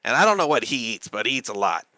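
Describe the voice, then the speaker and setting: A man's voice: mid-range voice, sing-song, fast, sharp tone, no echo, poor audio. A man voicing a weary female dragonborn temple keeper in a tabletop game, grumbling and rambling in a close, dry sound. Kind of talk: tabletop role-play character voice.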